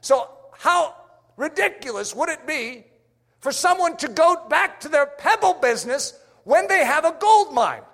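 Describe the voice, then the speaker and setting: Male preacher, high and animated, emphatic rhetorical questions, echoey church hall. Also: measured pace. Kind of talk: sermon.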